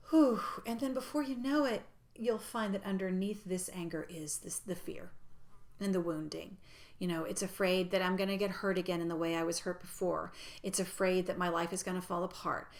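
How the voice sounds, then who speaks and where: Woman, personal growth teacher; calm, reassuring teaching talk, at times hushed almost to a whisper. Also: medium pitch. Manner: gentle, reassuring, drops into soft near-whispers.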